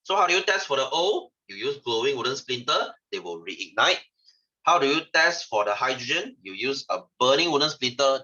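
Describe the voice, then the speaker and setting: A male science tutor with a Singaporean English accent leads an online class, his very bright, forceful voice bouncing up and down in pitch. Brisk and very animated, he chats, teases his students, and finishes sentences with "lah." The video call sound is dull and lo-fi.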